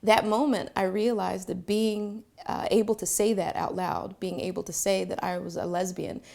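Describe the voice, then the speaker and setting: A woman telling a personal story to camera, reflective, pausing often on fillers. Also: medium pitch, flat delivery, gravelly, darkish tone. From Philadelphia, Pennsylvania. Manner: reflective, with frequent filler pauses.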